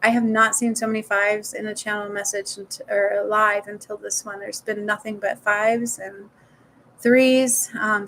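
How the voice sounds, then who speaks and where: A woman's voice: mid-range voice, fairly bright tone, slight background noise, low-quality recording. A woman talking casually to viewers in a live stream as a spiritual healer, swearing now and then and repeating words for emphasis.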